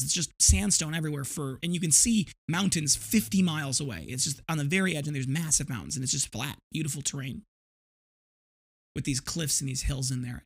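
A man's voice: fairly high pitch, a bit bright. A man in his thirties hosting a podcast, telling a rambling, vivid story with frequent restarts. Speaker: podcast host. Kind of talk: casual storytelling monologue.

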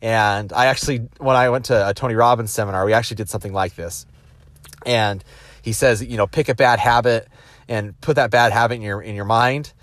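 Man, executive type, low voice, dry close sound, animated storyteller who mimics the people he quotes. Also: fairly quick, no room sound. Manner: animated, acts out quoted voices, frequent restarts. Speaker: business executive giving a motivational talk. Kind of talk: casual motivational storytelling.

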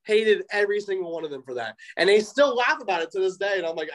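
A young pro wrestler, appearing as a guest in a casual interview, tells a story in a high-pitched voice and at a fast pace. He's animated, acting out the voices of people he quotes and filling his speech with lots of ums. The audio quality is poor.

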